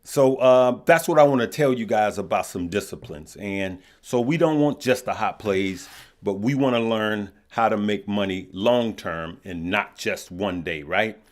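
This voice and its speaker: A man's voice: on the low side, unhurried. A man from Chicago hosting a casual stock market livestream, chatty and repetitive, greeting viewers as he talks. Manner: chatty, repeats himself, greets viewers mid-thought.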